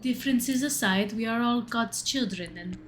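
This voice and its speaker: A woman voicing a kindly, devout priest who speaks in an earnest, soft-spoken way. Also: on the high side, normal speed, faint music behind, lightly acted.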